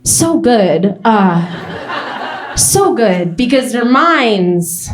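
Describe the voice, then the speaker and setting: A young woman doing a stand-up comedy set on a club stage, telling stories with quick asides. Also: fairly high pitch. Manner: animated storytelling, quick asides. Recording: roomy club with faint noise.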